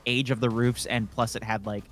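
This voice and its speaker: A man's voice: medium pitch, flat delivery, moderate pace, soft background music. A man chatting casually on a gaming stream, telling a long work story full of swearing and fillers. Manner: rambling storyteller, swears a lot, many fillers.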